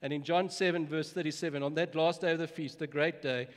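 Man, pastor preaching, earnest and emphatic, slightly high voice, long hall reverb. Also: steady tone, brisk. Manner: earnest, emphatic, repeats words when starting phrases. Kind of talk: sermon.

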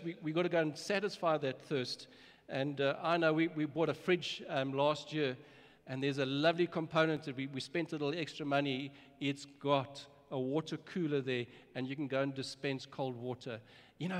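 A man preaching a sermon as pastor, earnest and emphatic, often repeating words as he starts a phrase. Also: a little high. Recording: long hall reverb.

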